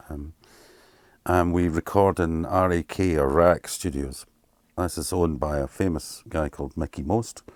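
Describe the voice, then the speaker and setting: An extremely low-pitched Scottish man in his fifties, a keyboard player, is heard on a dry recording. It's a casual storytelling interview full of candid, animated anecdotes, acted-out dialogue and swearing.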